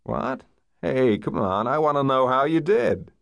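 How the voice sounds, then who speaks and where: A man doing a gravelly, teasing American man. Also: unhurried, dry recording. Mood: incredulous. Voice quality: low, gravelly. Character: man of 39, cynical, playful art dealer.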